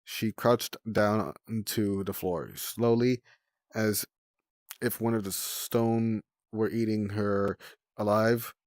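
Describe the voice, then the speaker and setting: A man's voice: lowish voice, steady tone, takes it slowly, a little mellow, no echo, studio quality. A man reading a novel aloud on a livestream, in a plain way with small slips and self-corrections.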